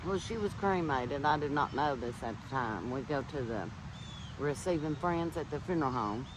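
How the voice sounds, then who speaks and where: A man's voice: mid-range voice, lively intonation, moderate pace, noisy background. A man earnestly telling viewers a personal ghost story and insisting it is true. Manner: earnest, insistent, swears to be truthful.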